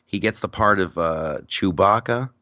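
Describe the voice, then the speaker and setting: Low-voiced man chatting, dull dry sound. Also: measured pace, dry recording. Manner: rambling animated storytelling with frequent restarts. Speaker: podcast host. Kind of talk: casual chat.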